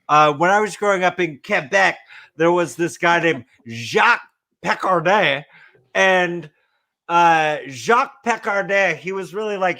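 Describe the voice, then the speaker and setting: A man co-hosting a casual podcast, telling a comic tall tale in a deadpan, joking way. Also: a little high. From California. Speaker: podcast co-host.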